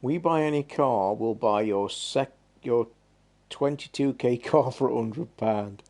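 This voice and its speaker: A man's voice: medium pitch, unhurried, vocal fry, darkish tone. A man hosting a gaming live stream, chatting in a rambling, blunt and sweary way. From England. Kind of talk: casual live-stream chat.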